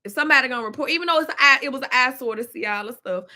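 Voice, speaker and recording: Bright, chatty Memphis woman venting live. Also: high-pitched, very fast. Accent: Southern US (Memphis). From Memphis, Tennessee. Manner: chatty, talks to viewers and reads the chat aloud. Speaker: livestream host. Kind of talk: casual live-chat venting.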